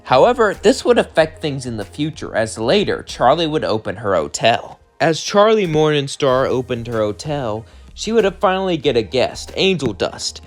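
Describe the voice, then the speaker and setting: A man's voice: mid-range voice, very animated, normal speed, hardly any pauses, faint music behind. A man narrating a fan-made what-if story in a rambling way, with restarts.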